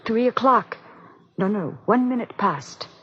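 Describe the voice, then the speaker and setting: An actress playing a kind woman who cares for patients on a hospital ward, soft and formal in speech. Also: on the high side, animated, a little slow, husky. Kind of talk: 1950s radio drama acting. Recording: dull lo-fi old radio broadcast.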